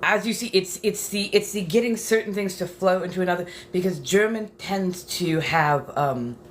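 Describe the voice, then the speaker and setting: A woman chatting softly as an ASMR creator at home, musing unhurriedly and practicing phrases aloud. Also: on the low side, moderate pace, a little hiss or hum. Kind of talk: soft-spoken ASMR chat. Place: home apartment.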